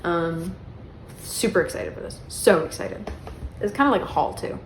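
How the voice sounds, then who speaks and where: A woman's voice: on the low side, expressive, normal speed, soft background music. A young woman vlogging casually about her books, chatty and self-mocking, with plenty of "um" and "like" as she rambles. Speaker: book vlogger. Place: bedroom. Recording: echoey room.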